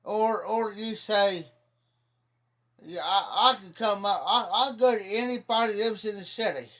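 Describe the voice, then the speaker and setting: A man from talks in a high voice. He rambles through folksy stories about local sayings. He teases his listener as he goes. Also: unhurried, sharp tone. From Ohio. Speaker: livestreamer. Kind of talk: casual storytelling.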